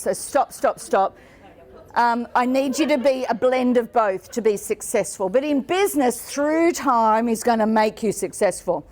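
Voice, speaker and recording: A middle-aged woman giving a live business seminar to an audience with slides, lively and playful, slipping into mock voices for the people she describes. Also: mid-range voice. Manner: lively, playful, mimics people in quoted asides. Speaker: business coach and speaker. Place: conference room with an audience.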